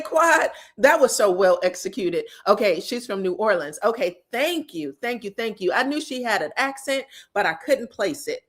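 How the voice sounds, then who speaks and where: A woman hosting a casual reality TV recap, talking in a sassy, animated way with lots of slang and laughter. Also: medium pitch.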